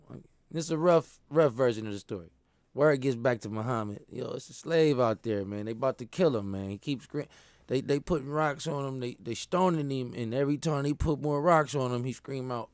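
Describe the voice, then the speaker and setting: A man telling stories in a casual monologue, animated and laughing, using slang. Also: medium pitch, normal speed, dry recording. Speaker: host.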